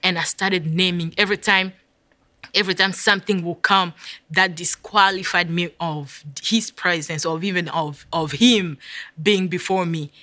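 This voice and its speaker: A woman's voice: lowish voice, steady tone, moderate pace, sharp tone, no echo. A woman telling her personal faith testimony in an intense, emotional way. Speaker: speaker sharing a testimony.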